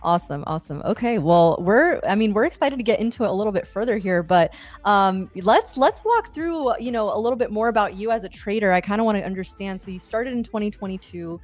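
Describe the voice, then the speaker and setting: A woman's voice: mid-range voice, lively intonation, brisk. A woman hosting a live-stream interview, asking upbeat, rambling questions full of fillers. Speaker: host.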